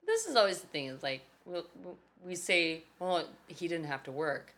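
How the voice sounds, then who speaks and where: A woman in her thirties co-hosting a podcast in casual chat, animated and swearing freely, often dropping into funny voices. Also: lowish voice, normal speed. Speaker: podcast co-host.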